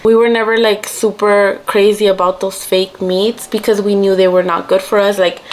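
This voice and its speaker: Getting ready on camera, a young Mexican woman vlogger tells a story in a chatty way, switching between English and Spanish. Her mid-range voice has little pitch movement and a normal pace.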